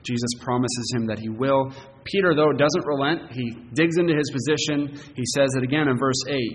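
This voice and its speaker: A man's voice: medium pitch, fairly quick, hardly any pauses. A male pastor preaching an expository sermon, earnest and emphatic, with frequent fillers and restarts. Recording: long reverb, faint hiss.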